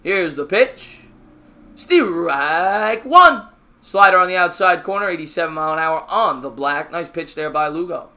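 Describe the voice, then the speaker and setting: Excitable man calling baseball play-by-play. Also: unhurried. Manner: excitable, raising his voice on big plays; chatty, answers viewer comments between pitches. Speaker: live stream host. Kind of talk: fan play-by-play commentary.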